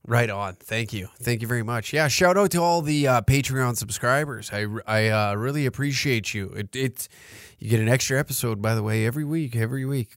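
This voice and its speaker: A man's voice: mid-range voice, a little fast, no echo. Male podcast host, foul-mouthed rambling comic riff, dry close sound. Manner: profane, rambling, joking. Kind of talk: crude comedic podcast monologue.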